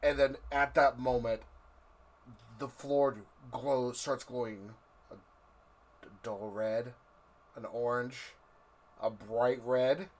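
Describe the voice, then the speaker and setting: A man's voice: mid-range voice, fairly even intonation. A man narrating as game master of a tabletop game, drawing out his descriptions. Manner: slow, drawn-out, vivid description.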